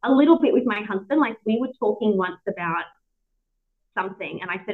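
A woman's voice: medium pitch, lively intonation, a little fast. A woman with an Australian accent hosting a casual interview, chatty and full of anecdotes, heard over a video call. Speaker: podcast host. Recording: tinny phone-like call audio.

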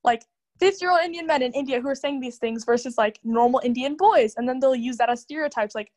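A young woman as the guest in a casual chat, talking quickly and animatedly with many "like" fillers. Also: high-pitched, animated, darkish tone.

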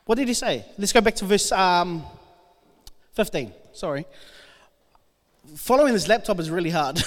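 A man delivers a sermon with a notably high voice, reading a Bible story and playing out its speakers. His words ring through a church hall with a long, lingering reverb. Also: slow, long pauses. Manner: animated, acts out the Bible figures' lines. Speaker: preacher. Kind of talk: sermon reading scripture aloud.

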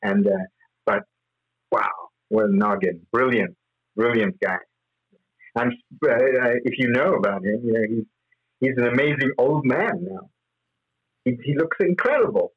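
A man's voice: mid-range voice, sing-song, a little slow, long pauses, husky, lo-fi sound. A man as interview guest, telling rambling stories with frequent laughs and fillers. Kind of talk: anecdotal interview storytelling.

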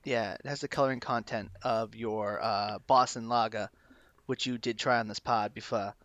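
A man's voice: on the low side, steady tone, normal speed, crowd noise. A man on a podcast, casually telling easygoing anecdotes. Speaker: podcast guest. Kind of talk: casual storytelling.

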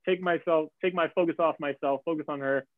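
A man telling a race story in casual chat, acting out quotes with lively jumps in his voice. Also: fairly quick, no room sound. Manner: animated, acts out quotes with big pitch jumps. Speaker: guest athlete. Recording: tinny phone-like line.

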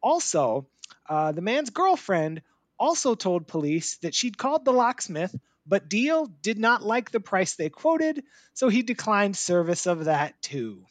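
A woman's voice: medium pitch, unhurried, no room sound. A woman co-hosting a casual podcast, recounting a story in a chatty way with lots of "like" fillers. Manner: chatty, many "like" fillers, lively rising questions. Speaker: podcast co-host. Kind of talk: casual chat.

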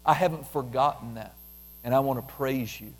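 A man preaching a conversational sermon, repeating phrases and dropping into a soft, quiet voice when he prays aloud. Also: mid-range voice, normal speed. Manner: conversational, repetitive, drops softly into prayer voice.

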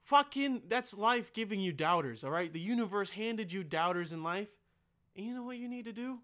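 A man hosting a podcast, doing a rowdy, profane comedic ad read with sudden loud outbursts. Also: high-pitched, animated, fairly quick. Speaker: podcast host.

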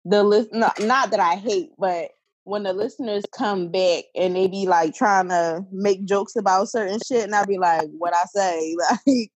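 A woman's voice: medium pitch, moderate pace, husky, no echo, highs cut off. A woman co-hosting a podcast in casual chat, blunt and teasing with plenty of swearing. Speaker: podcast co-host.

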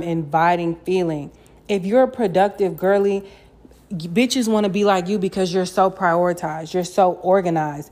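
A woman's voice: lowish voice, warm tone. A young woman hosting a solo podcast, chatting casually with a candid, slangy and profane manner. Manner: candid, slangy and profane, often says "you know what I mean". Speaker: podcast host.

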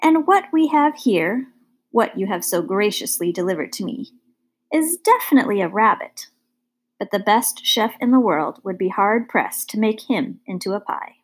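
A woman's voice: mid-range voice, lively intonation, slightly rough. Woman voicing Bull, courtly bearded hobo. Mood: kindly. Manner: formal, fond, unhurried speech. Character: enormous bearded male hobo, gentle and courtly.

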